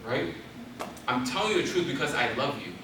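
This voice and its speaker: Far from the mic and off-mic in a very echoey hall with a noisy background, a young guest speaker preaches intensely to an audience in a large hall. His medium-pitched voice is expressive and fairly quick as his Christian talk builds to emphatic exhortations.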